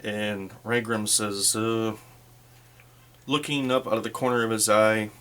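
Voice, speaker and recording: A man narrating a solo tabletop game as game master, in a relaxed, rambling way. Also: lowish voice, a little slow, smooth.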